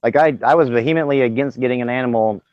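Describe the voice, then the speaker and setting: A man's voice: mid-range voice, quick pace, clean tone, no room sound. Brief: man on a podcast, casual and profane storyteller, dry close mic, lo-fi. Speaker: podcast co-host. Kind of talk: casual chat. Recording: dry, dull lo-fi sound.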